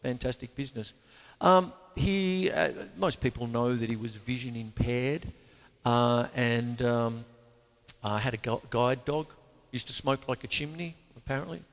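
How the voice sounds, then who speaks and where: A man with an Australian accent hosting a casual drum lesson, chatty and animated, counting beats aloud. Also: mid-range voice, unhurried, big-room sound. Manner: animated, chatty, breaks into counting and scat sounds. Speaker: drum teacher and show host. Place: home room with a couch.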